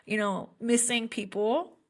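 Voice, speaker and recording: A woman's voice: fairly high pitch, fairly even intonation, measured pace, a little hiss or hum. A young adult woman, a special education teacher, telling heartfelt stories in an earnest podcast conversation. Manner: earnest, heartfelt storytelling with frequent fillers.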